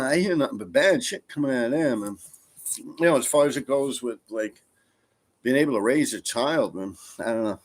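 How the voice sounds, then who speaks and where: A man, rambling casually and profanely as he chats with viewers on his stream. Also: on the high side. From New York. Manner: rambling, profane, laid-back. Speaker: streamer reading viewer comments. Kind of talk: casual live-stream chat.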